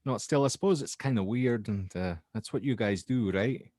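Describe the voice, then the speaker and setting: A young Scottish university student recounts a strange night, halting and restarting as he goes, with a man putting on the accent. The voice sits a little low. The sound is dry and close. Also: darkish tone, no room sound, lightly acted. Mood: uneasy recounting. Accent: put-on Scottish. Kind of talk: dramatic reading of a horror statement.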